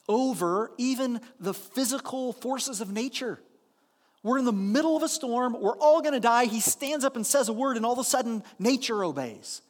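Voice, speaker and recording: A man preaching a sermon, telling a story earnestly and animatedly, with slow emphatic lines. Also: very high voice, in a large hall. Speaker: pastor.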